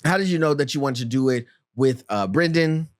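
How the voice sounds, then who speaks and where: A man's voice: mid-range voice, animated, a little fast. A man hosting a podcast interview, teasing his guests playfully and laughing often. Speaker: podcast host. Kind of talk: casual interview.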